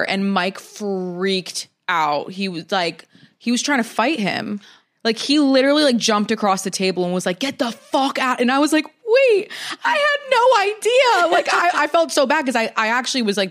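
A woman's voice: lowish voice, a bit bright. A woman co-hosting a podcast, telling stories in casual chat with lots of "like" fillers. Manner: chatty storytelling, many "like" fillers. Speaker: podcast co-host.

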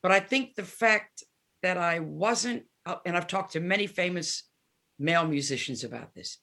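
A woman in her seventies, a guest musician, speaks at normal speed in a lowish voice during a casual interview. She tells candid stories with animation, acting out the lines of the people she quotes.

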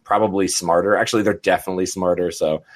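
A man's voice: sits low, fairly even intonation, fast talker. A man hosting a podcast, chatting casually and joking, with lots of fillers. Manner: jokey, laughing, filler-heavy. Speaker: podcast host.

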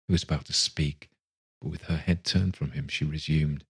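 A man narrating a classic novel aloud in a measured, expressive reading. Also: rumbling low, breathy edge.

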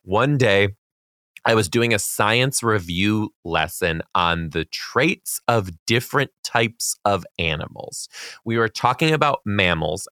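A man's voice: lowish voice, bright, forceful tone, no echo. A man co-hosting a podcast, reading listener emails aloud and reacting with dry remarks. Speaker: podcast co-host. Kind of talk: casual chat.

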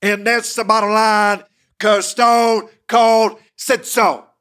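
A man putting on a brash, gravelly wrestler persona, shouting drawn-out catchphrases. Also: high voice, little pitch movement, voice pushed up.

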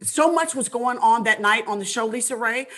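A woman hosts a talk show in a husky voice. She speaks earnestly and with emphasis, casual and direct with her guest. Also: a little high, normal speed, fairly bright tone.

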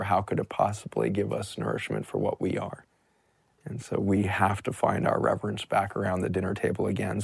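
A middle-aged man with a low, gravelly, husky voice talks with earnest conviction as a doctor. His delivery stays flat and reflective, and he often poses questions. The recording is dry and close. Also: no echo. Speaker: doctor and guest speaker. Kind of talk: reflective storytelling talk.

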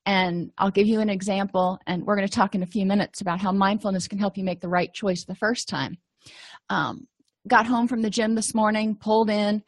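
A woman's voice: medium pitch, no room sound. A middle-aged woman counselor giving a conversational recorded lecture, explaining with everyday personal examples.

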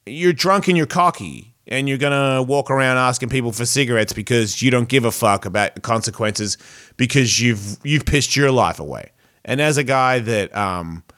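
A man's voice: mid-range voice, a bit bright. A man hosting a podcast, telling a story in a rambling, self-reflective way. He swears freely and often restarts his sentences. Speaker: podcast host. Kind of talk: casual storytelling monologue.

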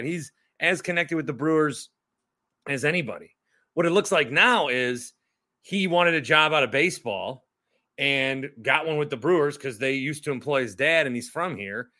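A man with a fairly high, very bright voice hosts a sports talk show. He rants casually and indignantly, swears freely and circles back over the same points with sarcasm. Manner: indignant and profane, repeats himself, sarcastic.

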